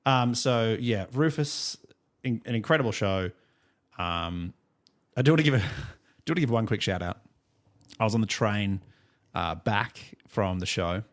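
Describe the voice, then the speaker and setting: A man's voice: fairly low pitch, expressive, a little slow. Easygoing Australian man co-hosting. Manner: rambling storyteller, many fillers and laughs. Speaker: podcast co-host. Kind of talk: casual chat.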